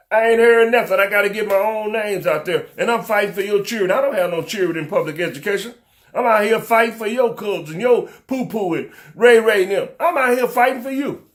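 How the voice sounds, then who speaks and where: Hosting a local talk show, a high-pitched man talks at an ordinary pace and berates his audience through fervent rhetorical questions. His commentary takes on the call-and-response rhythm of a preacher.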